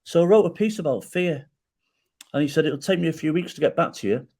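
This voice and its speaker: A middle-aged man with a fairly high voice, speaking a little fast, recounts a personal story as a podcast guest. He's an animated storyteller who acts out quoted lines and punctuates them with "right?" to engage the listener.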